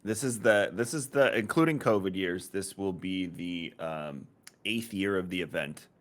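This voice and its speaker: Low-voiced man in casual chat. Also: unhurried. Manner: relaxed, rambling, many fillers. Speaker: podcast co-host and event organizer.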